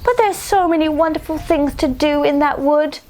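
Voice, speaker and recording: A woman voicing an eager young fairy child in a children's story, squeaky and excited. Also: normal speed, natural voice.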